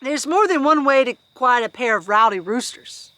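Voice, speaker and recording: A woman's voice: sits high, animated, moderate pace, very noisy. A woman reading aloud voices a wry, no-nonsense farm animal in a storybook.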